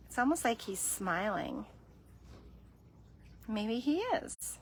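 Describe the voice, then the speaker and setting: A woman chatting casually on a livestream from a cat shelter room, cooing softly at the cats as she films on her phone. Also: fairly high pitch, very animated, slow, vocal fry, slight background noise.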